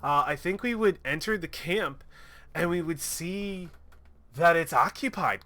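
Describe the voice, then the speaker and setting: Excitable, animated man narrating his game. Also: a little high, a little slow. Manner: excitable and profane, laughing often. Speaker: solo tabletop game player. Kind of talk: casual narration of a solo tabletop game.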